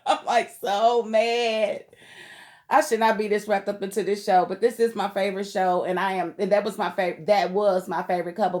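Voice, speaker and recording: A woman's voice: mid-range voice, normal speed. A woman from Kentucky giving an emphatic, heated casual vlog commentary on a TV show, speaking in outspoken slang. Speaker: TV show recap vlogger.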